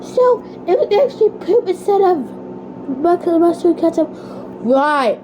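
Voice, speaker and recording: A woman hosting a homemade cartoon contest, excitable and dramatic, with sudden outbursts. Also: extremely high pitch, a little slow, background noise.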